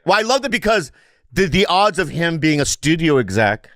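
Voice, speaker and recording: Comedy podcast co-host, man, dry close studio sound, lively storyteller. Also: fairly high pitch, moderate pace, no room sound. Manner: storytelling, animated, swearing, laughing often. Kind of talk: casual comedy podcast chat.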